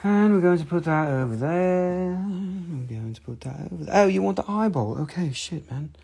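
A man's voice: high voice, expressive, normal speed, vocal fry, a little mellow, husky. A man hosting a casual live crystal sale, joking and rambling playfully. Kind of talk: casual live sales stream.

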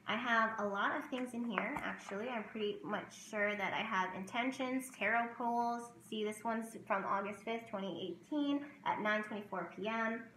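A woman's voice: medium pitch, noisy background. Emotional woman in an echoey room. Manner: emotional, tearful at times, many fillers and restarts. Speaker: tarot reader and vlogger. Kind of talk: casual chat to camera.

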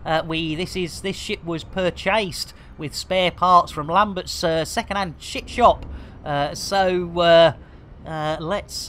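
A man's voice: on the high side, steady tone, slow, fairly bright tone, slight background noise. A man giving live, joke-filled commentary while streaming a game, full of puns and cheeky wordplay.

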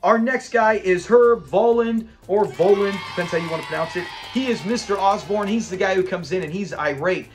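A man's voice: sits high, brisk, few pauses, faint music behind. A man hosting a casual episode breakdown of an old sitcom. He chats along, laughs often and retells scenes. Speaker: host of a classic TV review channel.

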